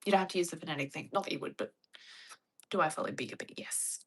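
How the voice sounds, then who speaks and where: A woman's voice: low-pitched, fast talker, a bit bright, slightly rough. A woman, chatting playfully with her stream viewers and laughing often. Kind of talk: casual chat.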